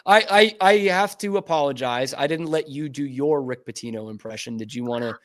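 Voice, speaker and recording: A man's voice: medium pitch, fairly quick, a bit bright. Chatty man hosting a sports podcast. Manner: enthusiastic, chatty. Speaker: podcast host. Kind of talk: casual sports podcast chat.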